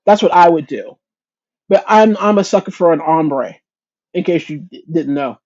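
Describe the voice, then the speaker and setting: A woman's voice: on the low side, lively intonation, normal speed, mellow, lo-fi sound. A woman hosting a casual crochet chat livestream, greeting viewers by name, chatty and self-deprecating, often restarting her sentences. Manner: frequent restarts and stumbles.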